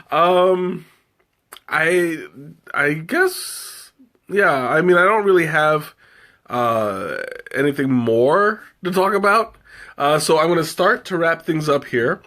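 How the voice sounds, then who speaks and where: Give me a slow-talking man chatting casually on a livestream, hesitant and full of fillers. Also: fairly high pitch, expressive, sharp tone. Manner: rambling, hesitant, many fillers and restarts. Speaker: livestream host tasting tea. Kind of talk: casual live chat.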